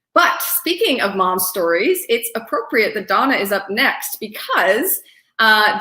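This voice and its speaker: Streaming from home, a woman hosts a storytelling show, chatting casually with many fillers and introducing the next teller. Her medium-pitched voice is pushed and bright, with a roomy sound.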